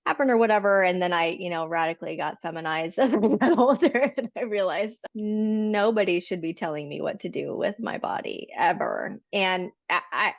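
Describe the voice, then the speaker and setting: A woman's voice: on the low side, expressive, normal speed, creaky, hardly any pauses, dry recording. Frank woman guest, dry lo-fi sound. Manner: frank and emphatic. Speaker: podcast guest. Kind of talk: casual interview chat.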